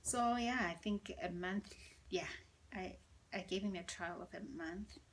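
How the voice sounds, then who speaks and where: A woman tells a storytime vlog at home, in a hushed, half-whispered, gossipy way. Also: on the low side, a little slow, slight background noise. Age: 30s. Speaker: vlogger. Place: indoors at home.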